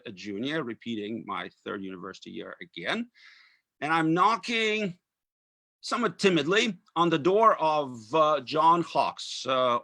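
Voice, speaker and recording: A man in his fifties from Russia with a Russian accent, giving a lecture that mixes reading with remarks, measured and full of uh fillers. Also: mid-range voice, sharp tone, no room sound. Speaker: author giving a talk.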